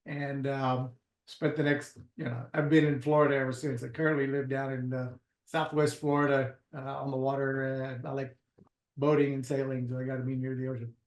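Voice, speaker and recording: A man's voice: medium pitch, level tone, brisk. A man from Puerto Rico, a guest in an interview, telling stories in a rambling way with many restarts. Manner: rambling, with frequent restarts and fillers. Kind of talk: casual storytelling interview. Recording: roomy echo.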